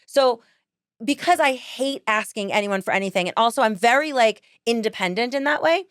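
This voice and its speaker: Podcast host, woman, casual storyteller; slightly high voice, close dry mic, lively and quick to laugh. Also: smooth, dry recording. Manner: animated, laughs often, quotes people in voices.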